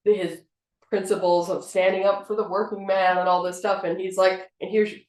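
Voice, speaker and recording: A woman in a casual film discussion, retelling scenes in detail with animated quotes. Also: mid-range voice, normal speed. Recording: roomy echo.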